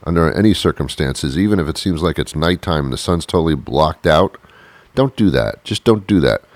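A man delivering a rambling, deadpan comic monologue with mock-confused asides while sitting on a porch outdoors. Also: extremely low pitch, moderate pace, dry recording. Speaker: comedian.

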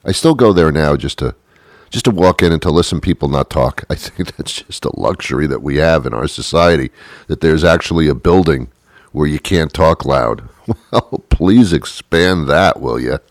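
A man with a low voice delivers a rambling, sarcastic comedic monologue. His pitch swings widely as he mocks and acts out bits. The sound is dry and close. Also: animated, normal speed, dry recording.

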